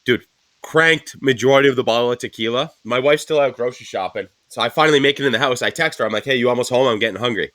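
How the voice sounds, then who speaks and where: Bright-voiced man telling a laughing story. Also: medium pitch, fast talker, no echo. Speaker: podcast co-host. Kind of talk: casual chat.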